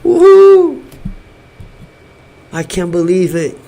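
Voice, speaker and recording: A man from Brazil hosting a live watch-party stream from his home studio, shouting elated cheers between chatty remarks. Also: fairly high pitch, unhurried. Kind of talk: excited live-stream chat.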